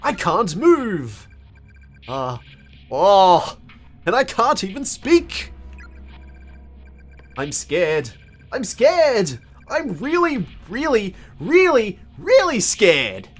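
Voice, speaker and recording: A man's voice: high voice, big pitch swings, extremely slow, pauses often, faint music behind, full character voice. A man voicing a frightened teenage schoolgirl in a haunted school game, reading her dialogue melodramatically. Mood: terrified.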